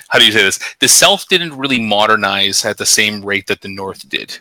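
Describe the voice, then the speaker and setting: A man's voice: lowish voice, lively intonation, normal speed, bright, forceful tone, no echo, rough recording. A man from Canada explaining at length in a casual group chat, with many fillers and restarts. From Canada (British Columbia).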